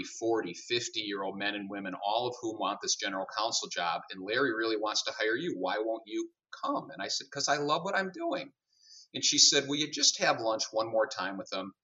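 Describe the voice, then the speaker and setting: A middle-aged company CEO, appearing as a podcast guest, recounts his career through animated stories, acting out both sides of every conversation. His fairly low voice is bright and forceful. He sits a little off and far from the mic, so the sound comes across dull and muffled.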